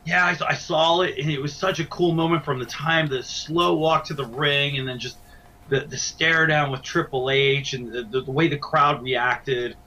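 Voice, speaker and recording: Bright-voiced man in a home den. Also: on the high side, steady tone, moderate pace. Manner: stammering restarts, enthusiastic. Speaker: wrestling broadcaster, guest. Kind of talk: casual interview chat. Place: small home man cave. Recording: dull lo-fi sound, faint noise.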